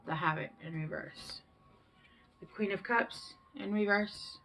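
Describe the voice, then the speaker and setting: A woman's voice: mid-range voice, a little slow, creaky, a bit bright, soft background music. A woman in her thirties giving a casual tarot reading to camera, emotional and rambling, often trailing off and restarting her sentences. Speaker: tarot reader.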